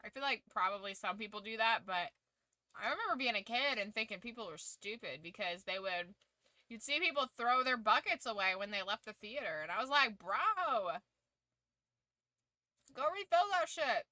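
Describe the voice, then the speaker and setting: A woman's voice: medium pitch, lively intonation, fairly quick, bright, forceful tone, dry recording. A woman streamer chatting casually to her viewers, laughing often and swearing freely. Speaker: streamer hosting a watch-along. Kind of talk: casual chat.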